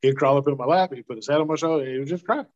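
A man in casual conversation on a podcast, talking in a relaxed, folksy, fatherly way. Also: a little high, very fast. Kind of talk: casual chat. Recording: dull lo-fi sound.

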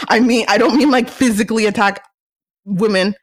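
A young woman hosting a solo podcast, talking casually in a chatty, animated way. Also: a little high, brisk. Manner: chatty, animated, restarts and laughs. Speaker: podcast host.

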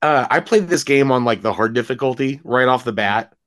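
A man in his late thirties co-hosts a podcast and tells stories in quick, eager bursts of casual gamer talk. His pitch is middling and his pace is fast. The recording is dry and close. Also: expressive, a bit bright, no echo. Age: late 30s. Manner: quick, eager storytelling with laughs and gamer slang. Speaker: podcast co-host. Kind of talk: casual chat.

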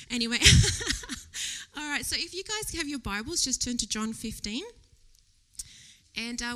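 Chatty bright-voiced woman preaching. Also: on the high side. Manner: chatty and animated, laughing often, whispering quoted thoughts. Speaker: lay preacher. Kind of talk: casual church sermon with a personal story. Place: church service before a congregation.

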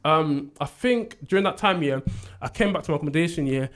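A young man telling a story in casual chat, animated, acting out what people said and laughing often. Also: on the high side, a little fast. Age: young adult. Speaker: university student.

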